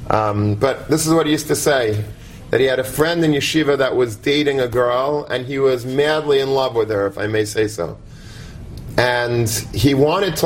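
A man giving a sermon, conversational and animated, often asking the audience to imagine. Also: mid-range voice, slight background noise. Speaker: rabbi giving a talk.

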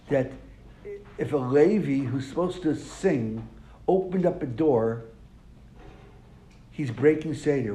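A man's voice: fairly high pitch, creaky, mellow. A man teaching a classroom lesson, asking his students questions and then answering them. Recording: echoey room, faint noise.

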